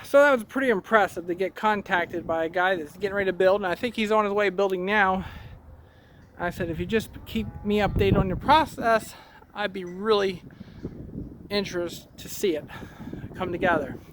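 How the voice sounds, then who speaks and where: A man's voice: sits high, normal speed, fairly bright tone. A man, a cattle farmer, talking casually to camera outdoors on his farm, plain-spoken and rambling, a bit out of breath. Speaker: cattle farmer and channel host. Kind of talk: casual vlog talk to camera. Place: outdoors on a farm in high wind. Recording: outdoor recording with clear wind noise.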